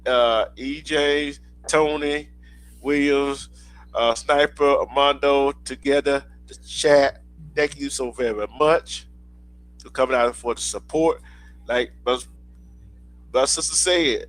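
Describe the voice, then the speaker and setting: A man's voice: mid-range voice, steady tone, slow, fairly bright tone, rough recording. A man hosting a livestream, talking in a preachy way and repeating phrases for emphasis. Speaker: show host. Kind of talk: casual livestream chat.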